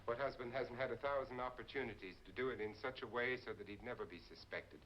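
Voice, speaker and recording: An actor playing a cold, sardonic millionaire husband in a 1950s horror film, cool and cutting. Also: male voice, medium pitch, fast, a bit bright, a little hiss or hum, natural voice, poor audio.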